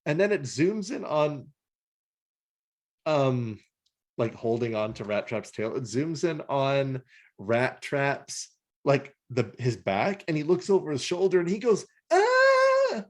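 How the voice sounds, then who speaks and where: A man co-hosting a casual podcast, animated and laughing as he acts out scenes, swearing freely. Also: mid-range voice, unhurried. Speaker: podcast co-host. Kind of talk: casual podcast chat reviewing a cartoon episode.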